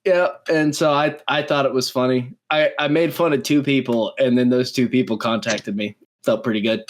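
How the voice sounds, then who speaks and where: A man's voice: medium pitch, fairly even intonation, moderate pace. A man co-hosting a podcast, telling a story in casual chat and laughing often. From California. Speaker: podcast co-host.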